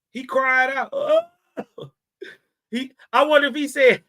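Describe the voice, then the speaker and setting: Slow, bright-voiced mocking man. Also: very high voice, lively intonation. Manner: mocking, laughing, street slang, checks in with listeners. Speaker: host reading and commenting on scripture. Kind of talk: casual religious commentary.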